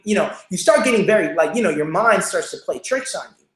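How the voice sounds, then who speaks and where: A man's voice: sits high, lively intonation, fairly quick, fairly bright tone, reverberant. A young man hosting a show, telling a motivational personal story in an earnest, repetitive way with many fillers. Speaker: show host, speaker.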